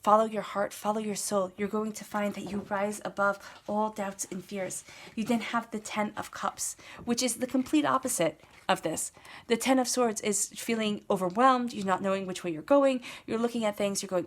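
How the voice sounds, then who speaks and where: A woman gives a casual tarot reading in a voice of middle pitch. She talks straight to the listener, encouraging and a little rambling, and she likes to repeat her phrases for emphasis. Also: fairly even intonation, normal speed. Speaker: tarot reader.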